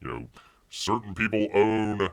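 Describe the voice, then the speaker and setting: A man's voice: on the low side, lively intonation, a little slow, gravelly. A man hosting a live stream, chatting casually, reading viewer comments aloud and rambling with repeated phrases. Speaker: live show host.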